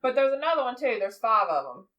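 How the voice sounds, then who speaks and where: A woman's voice: on the high side, very animated, quick pace, highs cut off. A woman co-hosting a podcast, casually recapping a movie with frequent laughs. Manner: laughing, chatty retelling of scenes. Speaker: podcast co-host.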